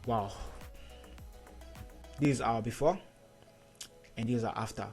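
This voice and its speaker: A man teaching photo editing in a screen-recorded tutorial, giving steady step-by-step instructions and repeating key points. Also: mid-range voice, fairly quick, faint music behind.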